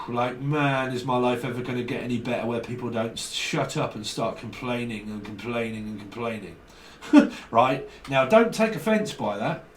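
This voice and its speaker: A man's voice: mid-range voice, moderate pace, far from the mic, slight background noise. Man reading tarot in an echoey room. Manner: acts out exchanges with slang, laughs often, swears. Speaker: tarot reader. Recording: echoey room, voice a little off-mic.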